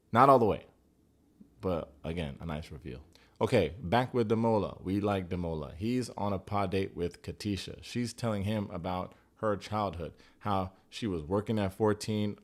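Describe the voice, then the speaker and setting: A man with an American accent talks through reality TV episodes in a loose, casual way. His voice sits on the low side. He is quick with sarcastic jokes and swears without holding back. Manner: joking, sarcastic, blunt, swears freely. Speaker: TV recap reviewer. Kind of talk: casual recap commentary.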